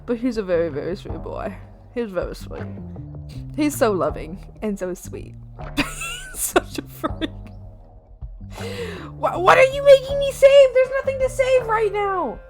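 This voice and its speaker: A young woman streaming her art from home, chatting casually with viewers, giggling often and yelling playfully at her pets. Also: on the high side. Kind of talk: casual live-stream chat.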